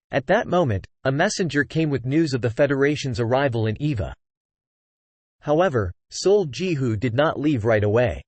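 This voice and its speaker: A man's voice: medium pitch, a little mellow, no room sound. A computer-generated man's voice narrating a fantasy novel, reading punctuation marks aloud. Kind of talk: text-to-speech novel narration.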